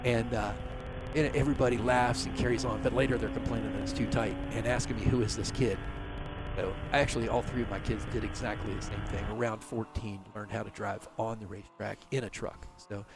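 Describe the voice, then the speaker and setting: A man's voice: on the low side, steady tone, a little fast, loud music behind the voice. A middle-aged man telling a rambling story in a casual interview, full of fillers and restarts. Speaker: race team owner, interview guest.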